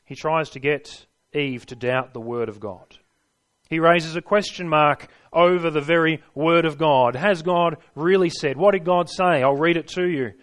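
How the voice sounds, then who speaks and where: A man's voice: on the high side, normal speed, a bit bright. A man preaching a sermon, stressing his points and putting rhetorical questions to his listeners.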